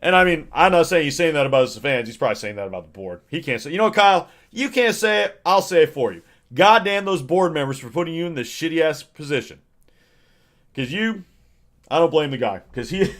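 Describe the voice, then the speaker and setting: A man's voice: a little high, big pitch swings, a little fast, fairly bright tone. A man chatting casually on a livestream, rambling and sarcastic, with frequent chuckles. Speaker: streamer.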